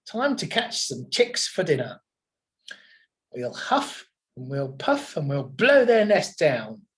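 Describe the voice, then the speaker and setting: A man's voice: a little high, huge pitch swings, takes it slowly, exaggerated voice. A man reading a storybook aloud and voicing a cheerful, clever young wolf.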